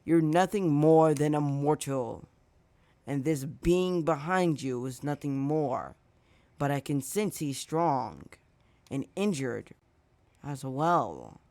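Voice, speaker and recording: A man's voice: a little high, animated, slow, darkish tone, no echo. A man voicing a haughty immortal god. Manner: haughty and contemptuous. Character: arrogant male god of immortality.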